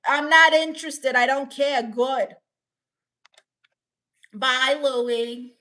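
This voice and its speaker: Bright-voiced woman streamer chatting. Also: high-pitched, steady tone. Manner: playful, teasing, quick banter with chat. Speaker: live streamer. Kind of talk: casual live-stream chat, reading comments aloud.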